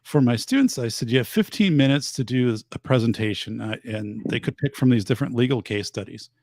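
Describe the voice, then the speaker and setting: A man's voice: mid-range voice, a little fast, dry recording. A man, hosting a show and telling rambling stories in casual chat. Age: 50s. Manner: animated rambling storyteller. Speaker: show host and teacher.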